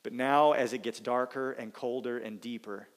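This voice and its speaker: A man preaching a sermon, earnest and emphatic, with dramatic pauses and repeated phrases for weight. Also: medium pitch, steady tone.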